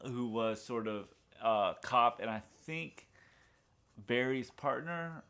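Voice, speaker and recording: Man, medium pitch, casual chat, rambling, lots of fillers, acts out quotes. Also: slow, fairly bright tone, clean tone. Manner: rambling retelling full of fillers, acting out lines from the show. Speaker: podcast co-host reviewing a TV pilot.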